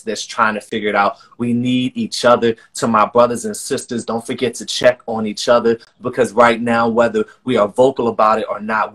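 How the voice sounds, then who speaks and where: A man's voice: mid-range voice, fairly bright tone, breathy edge. A man talking earnestly and emotionally in a live-streamed conversation. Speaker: guest, choreographer and artistic director.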